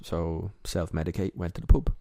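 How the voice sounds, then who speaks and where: A young adult Irish man, appearing as a guest on a podcast, tells personal stories in an interview, candid and emotional and frequently stopping mid-thought. His low, mellow voice comes with a flat delivery, and the recording is close and dry with no room sound at all.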